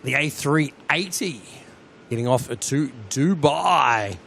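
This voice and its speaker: Gravelly New Zealand man commentating live. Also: mid-range voice, slow pace, slight background noise. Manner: chatty, excitable, talks to viewers. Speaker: live-stream host. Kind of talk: live plane-spotting commentary. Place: outdoors at an airport.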